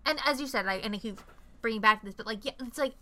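A young adult woman co-hosting a podcast, telling stories in an animated, profane, filler-heavy casual chat. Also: on the high side, quick pace. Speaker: podcast co-host.

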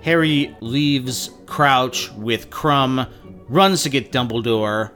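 A male podcast host recaps the chapters with dry, profane humor and quick asides. His voice sits at an average pitch, with faint music underneath. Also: a bit bright.

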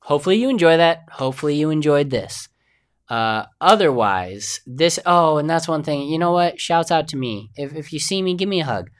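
A man's voice: a little high, lively intonation, moderate pace. A young man hosting a podcast on his own, chatting casually and rambling from one thing to the next. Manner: rambling, chatty, easily sidetracked. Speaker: podcast host. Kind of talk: casual solo podcast chat.

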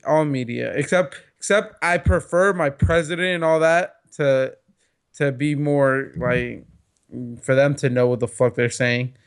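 A man with a medium-pitched, smooth voice co-hosts a casual podcast, speaking at an unhurried pace with fairly even intonation. His chat is loose and rambling, packed with fillers and profanity.

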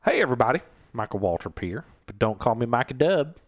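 A man's voice: medium pitch, very animated, fast, dry recording. A man doing a jokey impression of a middle-aged male racing commentator, rambling through a race recap. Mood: hammy.

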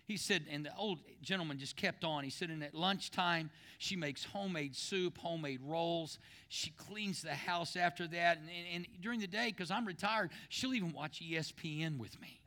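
A man's voice: on the high side, fairly quick, pushed and bright. A man pastor preaching a sermon, telling a joke story and repeating words as he builds to emphatic scripture reading.

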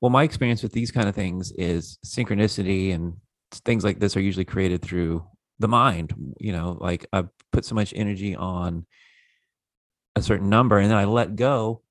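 A man hosting a casual conversation, reflective and measured, repeating words as he thinks. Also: on the low side, dry recording.

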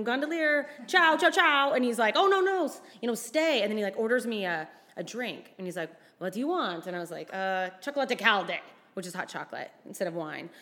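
A woman comedian from the States tells a personal story to a live audience. She has a mid-range voice and acts out every quote, her pitch leaping high and dropping low again as she plays the people in the story. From United States. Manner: animated, acts out quotes with big pitch jumps.

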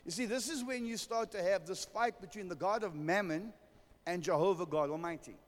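A man's voice: high-pitched, fairly quick, big-room sound. A man preaching a sermon, telling a humorous story and calling for amens. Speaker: pastor.

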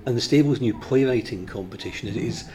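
A man hosting a podcast interview, asking measured questions. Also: medium pitch, warm tone.

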